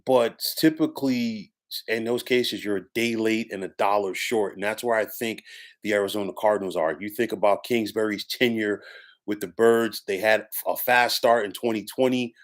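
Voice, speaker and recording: Lower-voiced man giving sports opinions. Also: fairly even intonation, normal speed. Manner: emphatic, repeats opinion phrases. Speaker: sports commentator. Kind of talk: solo sports opinion monologue.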